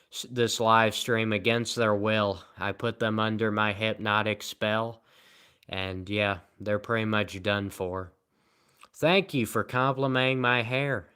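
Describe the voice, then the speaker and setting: A man with a Southern American accent, chatting casually on a livestream and answering comments in a rambling, deadpan, self-mocking way. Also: on the low side, clear, resonant tone. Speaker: live streamer.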